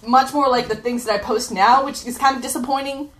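A young adult woman reading her old teen blog aloud for laughs, in a lively, self-mocking way, full of "like" fillers. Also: sits high, a little fast. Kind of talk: comic live reading to a laughing audience. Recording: echoey room with faint noise.

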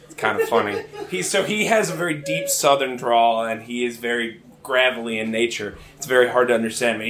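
A man's voice: mid-range voice, a little fast, reverberant, a crowd in the background. A young man from Virginia doing stand-up, telling a story in a rambling way with many restarts and laughing at his own jokes. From Richmond, Virginia. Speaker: stand-up comedian. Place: live comedy venue.

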